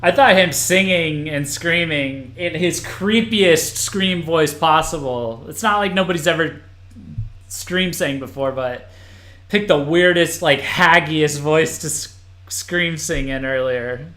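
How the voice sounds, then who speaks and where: A man's voice: fairly high pitch, takes it slowly, fairly bright tone, echoey room. A man hosting a live stream, reacting to an album as it plays, rambling and restarting his sentences. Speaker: podcast host.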